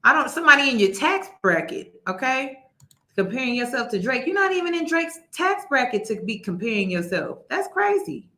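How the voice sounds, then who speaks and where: A woman reacts to a clip with incredulous, mocking emphasis. Her voice is bright and a bit high. The room around her is echoey. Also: sing-song, moderate pace. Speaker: commentary host. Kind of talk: reaction commentary.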